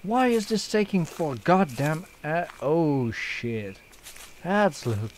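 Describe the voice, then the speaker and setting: A man's voice: fairly high pitch, lively intonation, takes it slowly. A young man hosting a let's play, joking around, swearing and using lots of fillers. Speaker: gaming channel host.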